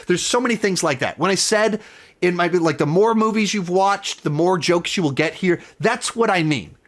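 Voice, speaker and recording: A man's voice: high-pitched, fairly bright tone. A man hosting a casual spoiler review, talking with enthusiasm in a rambling way and often correcting himself mid-sentence. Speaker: film review host.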